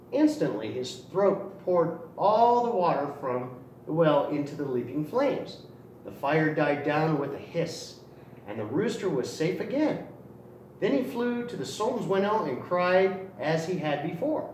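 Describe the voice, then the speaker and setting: A man reads a children's story with lots of expression, his high voice swooping up and down. The recording is roomy and distant. A faint background hum sits under his voice. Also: very animated, a little slow, darkish tone. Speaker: storybook reader for a kids' outreach channel. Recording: roomy echo, distant mic, faint noise.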